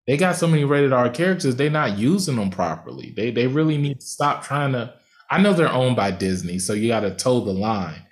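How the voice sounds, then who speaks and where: A man's voice: medium pitch, lively intonation, a little fast. A man hosting a podcast, talking in a blunt, slangy, emphatic way in casual conversation. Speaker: podcast host.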